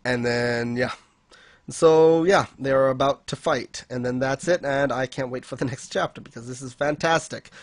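A man's voice: medium pitch, moderate pace, no room sound. A man casually recapping manga chapters on a podcast, rambling with fillers and frequent laughs. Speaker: podcast co-host.

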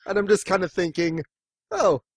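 A man's voice: on the high side, normal speed, no room sound. A man hosting a casual podcast, chatting and joking, now and then quoting lines in other voices. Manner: chatty, jokey, breaks into quoted voices. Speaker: podcast host. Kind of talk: casual chat.

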